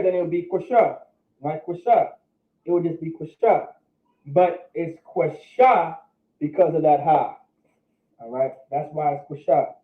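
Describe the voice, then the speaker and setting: A man teaching a class at a board, slow and patient, breaking words into syllables and repeating them. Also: fairly high pitch. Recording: echoey room over a phone-like line.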